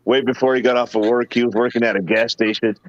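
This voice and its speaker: A man in a casual live chat, telling an animated story and jumping his pitch up when he quotes others. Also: fast, no room sound. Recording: dull, dry lo-fi stream audio.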